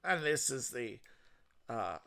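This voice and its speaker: Sarcastic Australian man, lively bright ranting. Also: mid-range voice, slow, vocal fry. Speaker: political commentary host. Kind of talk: solo political commentary monologue.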